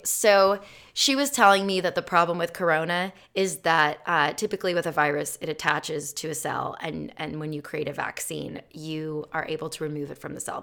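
A woman co-hosting a casual podcast, talking at length in a low voice with a gravelly fry. She laughs easily and retells what friends told her in a loose, chatty way. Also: fairly bright tone. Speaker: podcast co-host. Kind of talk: casual chat.

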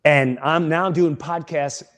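A middle-aged man hosting a podcast tells a comic story casually and animatedly, acting out the other people in it. His voice is on the high side and his pace a little slow.

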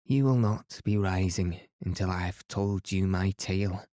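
Stately old highland lady, rich strong voice, firm and regal, as a male reader puts her on. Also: measured pace, dark tone, no room sound, studio quality. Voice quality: rich and powerful. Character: dignified old Highland Scottish woman.

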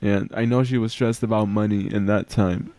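A young man co-hosting a casual podcast, speaking softly and hesitantly with many fillers. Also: on the low side, steady tone, moderate pace, dry recording. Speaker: podcast co-host.

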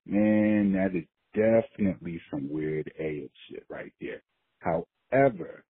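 Give me a very deep, husky man on a phone line. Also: dry recording. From New Jersey. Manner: friendly, laid-back, swears casually. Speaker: caller. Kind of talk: casual voicemail. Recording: dry tinny phone line.

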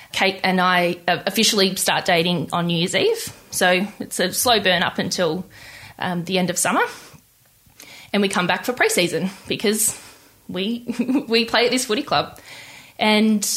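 A young woman telling her personal story in an interview, candid and halting, with many restarts. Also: mid-range voice, fairly bright tone. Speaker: interview guest.

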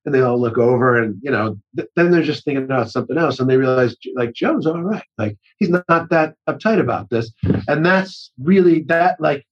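Middle-aged man, husky voice, rambling casual interview talk, dull lo-fi recording. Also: mid-range voice. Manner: rambling, restarts sentences often. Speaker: actor-director guest. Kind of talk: casual conversation.

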